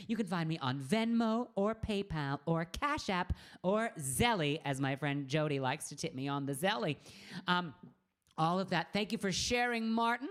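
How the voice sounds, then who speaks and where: A middle-aged woman, a singer hosting her own live stream, chatting in a bubbly, campy way and greeting viewers by name from a room at home. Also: lowish voice. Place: home room with a green screen.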